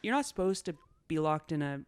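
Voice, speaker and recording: A woman co-hosting a podcast, bantering casually with quick reactions and jokey asides. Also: sits low, very animated, smooth. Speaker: podcast co-host. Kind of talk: casual chat.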